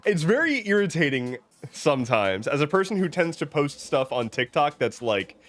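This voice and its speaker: A man's voice: fairly high pitch, sing-song, normal speed, a bit bright. A man streaming live, reading out chat messages and answering in a rambling, joking way with many restarts. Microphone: webcam setup at home.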